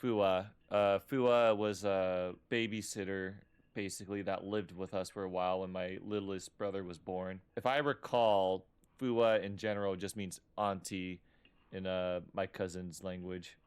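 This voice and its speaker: A man's voice: low-pitched, unhurried, smooth. A man hosting a gaming channel, chatting casually and rambling with frequent fillers while playing. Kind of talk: casual gameplay commentary.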